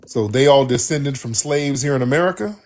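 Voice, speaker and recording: Briskly and in a mid-range voice, a call-in show host responds to listeners, stressing his points and saying things again and again in lively on-air banter.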